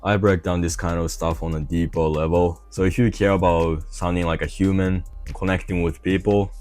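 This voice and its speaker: A man's voice: deep voice, darkish tone. A man teaches an online lesson in English. He is casual and blunt, and slips slang and swearing into his explanations. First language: Japanese. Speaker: Japanese language teacher.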